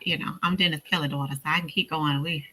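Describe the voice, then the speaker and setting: A woman's voice: low-pitched, fairly even intonation, quick pace, very noisy. A woman hosting a live online talk, reflecting casually with many fillers and restarts. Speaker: host.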